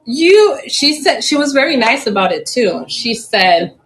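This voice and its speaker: High-voiced woman chatting slowly. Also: very animated, rough recording. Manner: chatty, giggly, stumbles over and spells out plant names. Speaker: live-sale seller. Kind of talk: casual live-auction chat.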